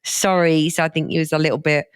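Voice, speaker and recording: A woman's voice: deep voice, level tone, rapid-fire, no room sound, studio quality. A woman in her twenties co-hosting a podcast, chatting casually and teasing her partner. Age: 20s. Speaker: podcast co-host. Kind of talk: casual chat.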